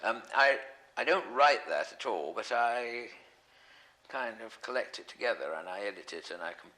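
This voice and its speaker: A man's voice: medium pitch, lively intonation, moderate pace, pushed and bright, poor audio. A man, chatting as an interview guest, rambling with frequent ums and self-corrections. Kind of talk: relaxed anecdotal chat.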